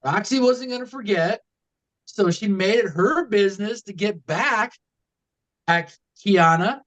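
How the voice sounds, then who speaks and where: High-voiced man rambling about wrestling. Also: animated, measured pace, fairly bright tone, highs cut off. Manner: rambling, many fillers and restarts. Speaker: podcast co-host. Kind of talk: casual wrestling talk.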